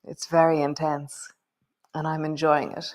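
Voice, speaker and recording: A woman's voice: deep voice, flat delivery, unhurried. Chatty woman leading a yoga class. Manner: warm, chatty and rambling, with many fillers. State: voice slightly wobbly from strong scent. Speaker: yoga teacher. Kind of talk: guided yoga and meditation class.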